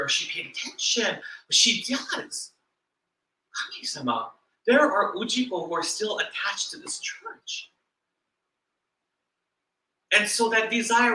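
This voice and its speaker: Earnest high-voiced male minister, echoey room. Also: bright, forceful tone. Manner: earnest, reflective, with pauses and repetitions. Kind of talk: sermon. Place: church hall.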